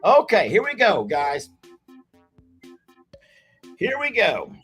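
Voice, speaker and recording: A man's voice: high-pitched, wildly swooping pitch, takes it slowly, long pauses, a bit bright, soft background music. A man hosting a live game night stream, chatting in a folksy way and reading viewer comments aloud. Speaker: livestream game host.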